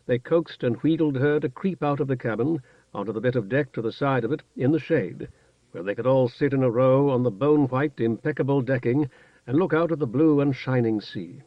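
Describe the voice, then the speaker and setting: A man narrating a fantasy novel in a measured, even storytelling manner. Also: medium pitch, no echo. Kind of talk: audiobook narration. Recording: dull, dry studio recording.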